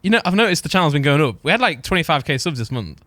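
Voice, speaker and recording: A young man co-hosting a podcast, chatting casually and telling stories with a lot of laughter and sudden excited jumps. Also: rapid-fire, no room sound, studio quality. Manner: laughing storyteller with bursts of high excitement. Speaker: podcast co-host. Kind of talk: casual chat.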